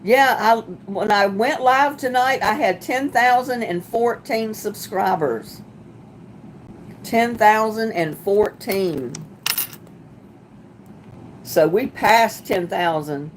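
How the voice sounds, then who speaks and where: A woman's voice: medium pitch, takes it slowly, long pauses, slight background noise. Chatty woman hosting a livestream. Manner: chatty, sympathetic, laughs often. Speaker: livestream host. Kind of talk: casual livestream chat reading viewer comments.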